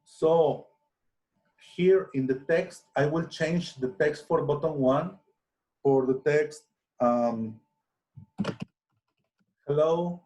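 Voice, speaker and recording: Slow, hesitant man teaching. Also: fairly high pitch, a little mellow. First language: Spanish. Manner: slow, hesitant, many restarts and fillers. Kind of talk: software tutorial screencast.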